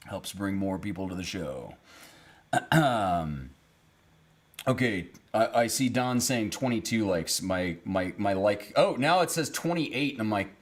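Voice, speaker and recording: A man hosting a live music stream from a small cabin room, casually greeting viewers in the chat by name and chuckling at himself. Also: lowish voice. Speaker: livestream music show host. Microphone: streaming camera setup at home.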